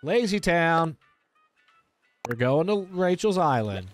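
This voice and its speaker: A male streamer chatting casually and excitedly while playing a game, often swearing when surprised. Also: fairly high pitch, slow. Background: game music.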